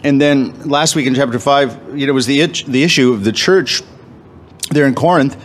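Halting, chatty man leading a Bible study. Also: medium pitch, a little hiss or hum. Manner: halting, many fillers and restarts, self-deprecating humor. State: eating, talking with food in his mouth. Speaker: men's Bible study leader. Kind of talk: casual Bible teaching.

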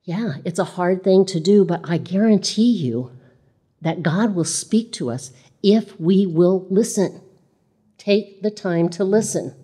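A woman's voice: lowish voice, measured pace, warm tone, slightly rough. A woman preaching a sermon in a conversational way, reading scripture aloud and repeating phrases.

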